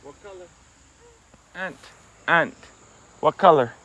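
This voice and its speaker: A man's voice: on the high side, animated, slow, fairly bright tone. A man talking casually on a family vlog, playfully teaching his toddler colors outdoors on a homestead. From West Georgia, USA. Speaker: father and homestead vlogger.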